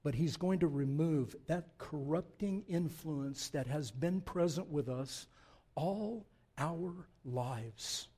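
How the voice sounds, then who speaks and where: A man in his sixties delivers a sermon in a fairly high yet mellow voice. He drives his main points with loud emphasis, then falls back into quiet, reflective asides. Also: a little slow, few pauses, slightly rough. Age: 60s. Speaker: pastor.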